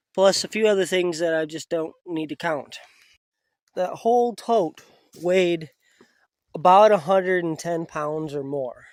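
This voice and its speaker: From his camp out in the woods, a man vlogs casually to the camera in a fairly high voice, becoming emotional and gentle as he turns toward his pets. The sound is close-up and dry.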